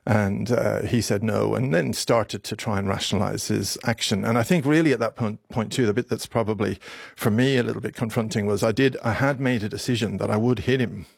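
A man in his fifties from Ireland, a doctor speaking haltingly in a radio interview, his voice catching with emotion. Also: fairly low pitch, steady tone, creaky, husky, dry recording, clean studio sound. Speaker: doctor and guest.

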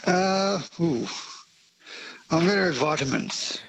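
A man's voice: on the high side, animated, takes it slowly, slightly rough, no room sound, low-quality recording. A man calling in to a radio quiz, easygoing and amused. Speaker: caller. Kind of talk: call-in radio chat.

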